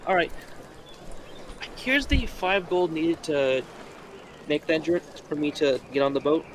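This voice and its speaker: A man's voice: on the high side, animated, measured pace, slight background noise. A young man playing his character in a tabletop game, speaking hesitantly and politely with many uhs, with music behind him. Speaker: player.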